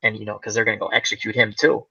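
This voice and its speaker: A man's voice: fairly low pitch, flat delivery, rapid-fire, creaky, pushed and bright, husky. A man hosting a casual chat, rambling through a movie plot and acting out its lines. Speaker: channel host. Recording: dull lo-fi sound.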